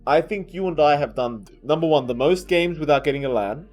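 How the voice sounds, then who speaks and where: A man's voice: fairly high pitch, animated, a little fast, darkish tone, soft background music. A man co-hosting a podcast as an esports caster, in casual, rambling chat with a lot of restarts and some swearing, sounding tired. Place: hotel conference room.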